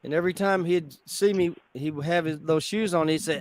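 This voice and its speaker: A man, a musician guest on a video call, telling stories in a relaxed way and chuckling at his own tales. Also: on the high side, fairly quick.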